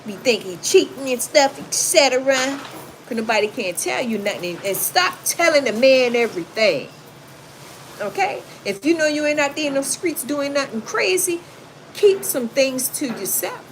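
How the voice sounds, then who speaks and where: A woman's voice: sits high, big pitch swings, moderate pace. A woman, hosting a casual livestream, reading chat comments aloud and giving blunt, sassy advice. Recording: noisy home recording.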